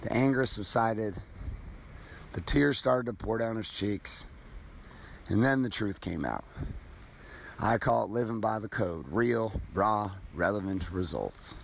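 A man's voice: on the low side, a little slow, gravelly, long pauses, a little hiss or hum. A middle-aged man hosting a motivational podcast, talking bluntly and casually with profanity as he tells a story. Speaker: podcast host.

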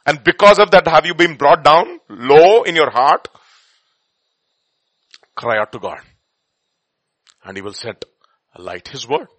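A man preaching a sermon, quoting scripture and hymns, swinging between loud emphatic bursts and quiet murmurs. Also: a little high, lively intonation, a little slow, pauses often, dry recording. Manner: quotes scripture and hymn lines, chuckles between points.

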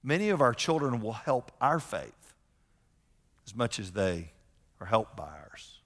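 A man's voice: fairly low pitch, sing-song, a little slow, fairly bright tone. A middle-aged man preaching a sermon as a pastor, emphatic, repeating key phrases and telling personal stories. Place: large church sanctuary. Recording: long hall reverb from sanctuary.

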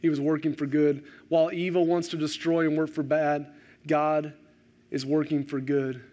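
A man, a pastor, delivers a sermon in a slightly high voice, climbing to animated questions and then sinking into slow, hushed emphasis.

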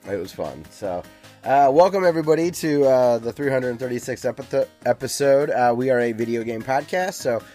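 A man's voice: medium pitch, lively intonation, normal speed, warm tone, soft background music. A man hosting a video game podcast in casual chat, rambling with lots of ums and uhs. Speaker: podcast host.

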